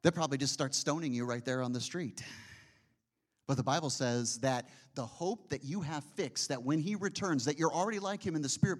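A man delivers a sermon in a chatty style, frequently putting questions to his listeners and slowing to a hush on key phrases. His voice is on the high side.

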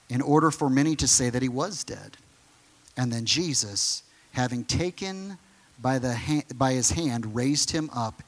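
A pastor preaching a sermon emphatically, moving from excited bursts to hushed, quiet lines. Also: male voice, medium pitch, moderate pace, in a large hall.

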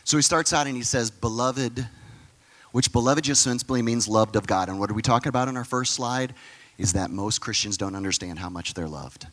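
Male pastor, casual sermon delivery, mid pitch, acts out dialogue. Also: a little fast, fairly bright tone, in a large hall. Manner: conversational, acts out dialogue in different voices.

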